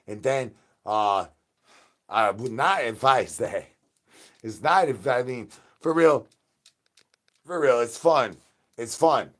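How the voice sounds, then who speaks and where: A man's voice: medium pitch, fairly bright tone. Man, comic livestream host, zombie persona, sing-song rhyming nonsense, crude boasts, begs for brains. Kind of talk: in-character comedic livestream chatter.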